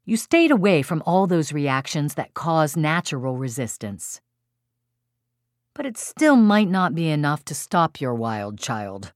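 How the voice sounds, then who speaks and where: A woman's voice: sits low, very animated, normal speed, dry recording. A woman reading her own parenting book aloud, narrating expressively with dry humor. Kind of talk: audiobook narration.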